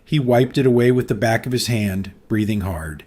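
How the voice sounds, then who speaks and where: A man's voice: lowish voice, moderate pace, mellow. A man narrating a scripted story in a dramatic, suspenseful manner.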